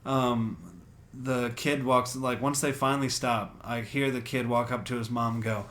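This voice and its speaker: A man's voice: mid-range voice, little pitch movement, moderate pace, fairly bright tone. A young man co-hosting a podcast, telling rambling, laugh-filled stories and swearing freely. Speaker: podcast co-host. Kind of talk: casual storytelling chat.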